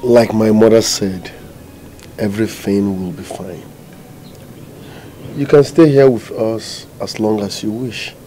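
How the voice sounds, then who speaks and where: An actor with a Nigerian accent playing a kind young man who gently comforts a crying girl. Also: fairly low pitch, takes it slowly, long pauses, slight background noise, poor audio. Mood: gentle. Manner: gentle, reassuring. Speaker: kind son. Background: film score music.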